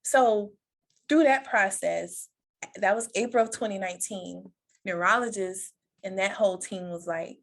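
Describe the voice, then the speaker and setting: A woman guest on a podcast telling a personal story in conversation, lively, acting out the voices of others and laughing often. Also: unhurried, gravelly. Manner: animated, acts out quoted voices with big pitch jumps.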